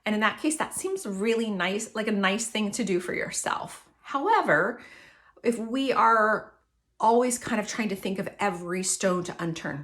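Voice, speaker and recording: A woman hosting a faith-based wellness podcast, coaching listeners and acting out anxious and calm self-talk. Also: fairly high pitch, normal speed. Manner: warm coaching tone, acts out inner self-talk. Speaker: podcast host.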